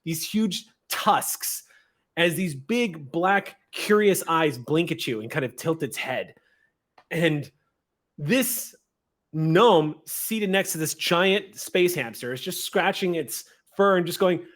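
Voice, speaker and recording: A game master narrating a fantasy scene for his players, a man with a fairly high voice that rises and falls a lot. He describes things playfully, often breaking into laughter. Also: lively intonation, slow, fairly bright tone.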